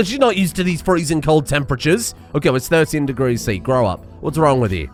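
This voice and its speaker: A man giving excitable, sarcastic commentary over a game, scolding the characters as he plays. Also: on the high side, quick pace, faint music behind. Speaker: streamer.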